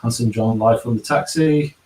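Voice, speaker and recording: An English man with a warm, medium-pitched voice and normal pace hosts a casual livestream from a bar and kitchen. Chatty, he reads out chat comments and hums filler syllables while scrolling between them, recorded from a distance in an echoey room.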